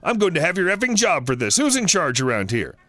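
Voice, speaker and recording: A man's voice: sits high, huge pitch swings, fast, bright, forceful tone, no echo, soft background music, full character voice. A man voicing a rude, entitled woman customer who rants, swears and makes accusations. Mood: ranting.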